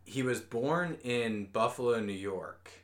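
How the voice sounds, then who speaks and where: A man's voice: medium pitch, slow. Swearing, joking male podcast co-host. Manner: joking, swears freely, animated bursts. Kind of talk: casual podcast chat.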